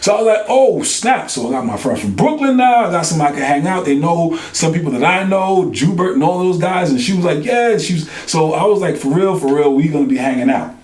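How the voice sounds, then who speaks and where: Animated New man telling a story. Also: sits high, quick pace, hardly any pauses, reverberant. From New York. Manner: animated, acts out quoted dialogue with colloquial slang. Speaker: podcast co-host. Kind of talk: casual storytelling chat.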